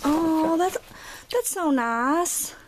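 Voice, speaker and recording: A woman's voice: very high voice, lively intonation, drawn-out words, background noise. A woman chatting casually as a mom, gushing thanks while opening a package at home. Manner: gushing, warm thank-yous, chatty with her children. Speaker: mother opening a package on camera. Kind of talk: casual home vlog chat. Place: family home, indoors.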